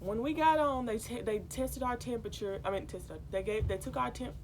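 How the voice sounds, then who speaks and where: A woman's voice: on the high side, brisk. A young woman vlogging casually to her viewers from a cruise ship, chatty and worked-up, calling them y'all. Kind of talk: casual direct-to-camera vlog. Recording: noisy ship background.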